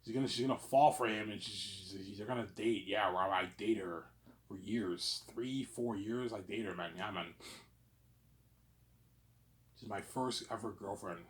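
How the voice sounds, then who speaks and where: A man in his thirties rambling through a personal monologue, stammering and repeating himself, dropping to a mutter and then rising to loud outbursts. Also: measured pace. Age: 30s. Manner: repetitive, stammering restarts, frequent "obviously"; swings between low muttering and loud outbursts. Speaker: vlogger.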